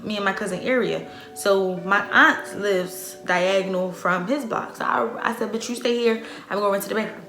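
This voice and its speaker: Young woman vlogger spilling a dramatic storytime, cussing a lot, bright voice, echoey room. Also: medium pitch. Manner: profane, slangy. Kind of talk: casual storytime.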